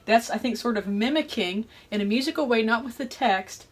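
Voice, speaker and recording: A woman's voice: a little high, brisk, background noise. A woman hosting an informal music analysis lesson, reflective and thinking aloud, often checking in with "right?". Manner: reflective, explains with frequent "right?" and hesitations. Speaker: music educator and host. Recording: voice over loud playing music. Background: loud choral and organ music playing underneath.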